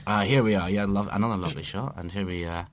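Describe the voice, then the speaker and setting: A man's voice: low-pitched, quick pace. A man chatting in a casual commentary, rambling with restarts and chuckling as he talks. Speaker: episode writer on a commentary track.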